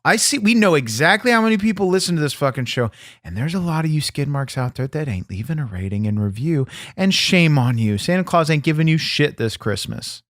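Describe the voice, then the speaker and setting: A man voicing a foul-mouthed, angry male wrestler persona on a comedy podcast, profane and gruff. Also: a little high, animated, brisk, a bit bright, no echo, studio quality. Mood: ranting. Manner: profane, gruff, constantly pissed off. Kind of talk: improvised comedy podcast banter.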